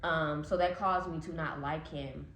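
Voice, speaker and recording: A low-pitched woman speaks candidly and reflectively, pausing often. Her voice rings in an echoey room. A faint hiss sits behind it. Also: fairly even intonation, a bit bright. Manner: reflective, candid, with many fillers. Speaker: podcast co-host. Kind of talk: casual faith chat.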